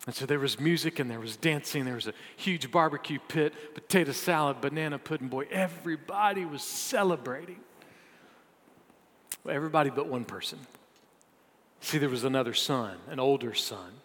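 A man delivering a sermon as a vivid story, his voice moderately high and swinging between loud bursts and hushed lines. A long hall reverb follows each phrase. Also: moderate pace. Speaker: preacher.

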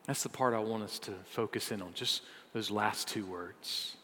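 A man preaching a sermon, telling a story with dramatic swings between loud and hushed delivery. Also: fairly low pitch, moderate pace, few pauses, in a large hall.

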